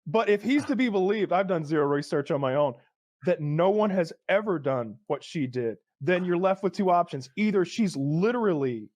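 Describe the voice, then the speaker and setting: A man on a comedic podcast rambles through his points with wry, crude jokes. His voice sits slightly high for a man. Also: expressive, moderate pace, darkish tone. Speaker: podcast co-host. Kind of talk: casual comedic podcast chat.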